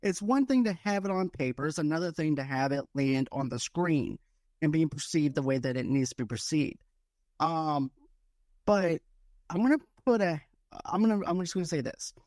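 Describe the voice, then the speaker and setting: A man co-hosting a podcast, chatty and jokey, thinking each film pitch through out loud. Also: animated, moderate pace, no echo, studio quality. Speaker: podcast co-host. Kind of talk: casual podcast chat, mock pitch role-play.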